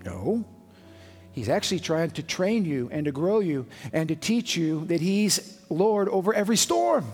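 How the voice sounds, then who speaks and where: A man's voice: high-pitched, big pitch swings, a little slow, darkish tone, slightly rough. A male pastor preaching a sermon with emphatic, conversational delivery and frequent rhetorical questions. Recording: long hall reverb, faint music behind.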